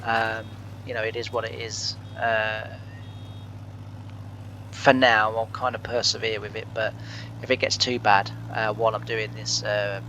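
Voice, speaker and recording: A man's voice: lowish voice, level tone, a little slow, sharp tone, a little hiss or hum. A man hosting a farming game let's play from his living room, chatting casually with lots of fillers and chuckles. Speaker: gaming channel host.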